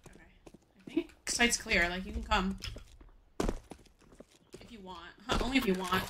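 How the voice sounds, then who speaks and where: A woman's voice: medium pitch, moderate pace, background noise. A young woman streaming a shooter game, chatting casually with a valley-girl way of talking full of "like". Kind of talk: casual gaming stream chat.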